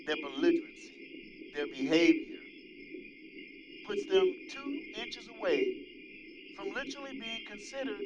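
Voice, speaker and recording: A man hosting his own show, delivering an animated, preachy and mocking political commentary monologue. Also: a little high. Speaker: host. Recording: dull lo-fi with loud crowd noise.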